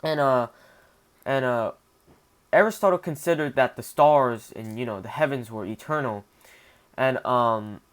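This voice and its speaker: A man's voice: mid-range voice, a little slow, long pauses. Casual young man reviewing a philosophy book. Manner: thinks aloud with many fillers and restarts, frequent "right?".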